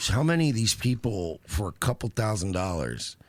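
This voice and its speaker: A man's voice: on the low side, normal speed, dry recording. A man co-hosting a podcast, telling stories in profane, casual political banter. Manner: animated storytelling, profane. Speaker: podcast co-host.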